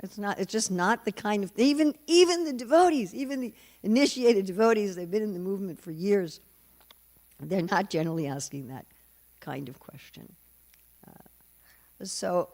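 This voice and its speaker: A woman's voice: medium pitch, lively intonation, normal speed, a little mellow. An older woman gives a scripture class in a temple hall. She tells stories with humor and briefly acts out the voices of the people in them as she preaches. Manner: storytelling, acting out quoted voices with humor. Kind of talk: sermon.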